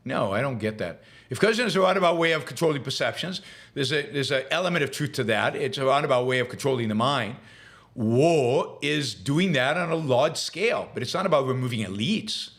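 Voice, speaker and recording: A man's voice: medium pitch, lively intonation, fairly quick, fairly bright tone. A man hosting a live show, answering viewer questions with opinionated commentary, full of fillers and repeated words. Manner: emphatic, rising into heated ranting; hesitant fillers and repeated words when reflecting.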